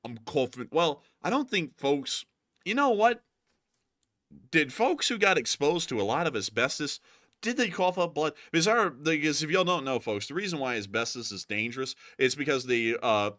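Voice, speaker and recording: A man's voice: mid-range voice, animated, normal speed, bright, forceful tone, no room sound, clean studio sound. A man hosting a livestream war news show, talking in a chatty, explanatory way with many fillers. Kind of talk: livestream commentary.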